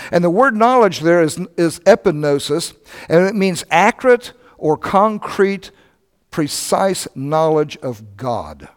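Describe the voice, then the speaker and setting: An older man preaching a sermon, telling stories in a conversational, animated way. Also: a little high, long reverb tail. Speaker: pastor.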